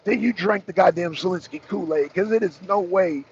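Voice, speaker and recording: A man hosting a political talk show, delivering fiery, animated commentary and calling out members of his chat by name. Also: a little fast, slightly rough, dull audio. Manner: fiery, addresses chat by name, sings falsetto snippets.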